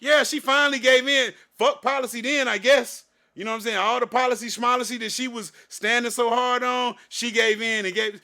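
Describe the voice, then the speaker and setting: A middle-aged man, co-hosting a podcast and telling a profane story in animated, casual chat. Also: very high voice, a little fast. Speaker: podcast co-host.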